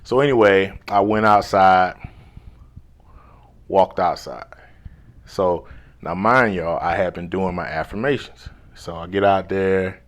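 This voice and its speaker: A man, a life coach, telling a personal story in a laid-back, slangy way, now and then dropping to a hushed whisper. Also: sits low, slow, pauses often. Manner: drops to a hushed whisper when replaying his inner thoughts.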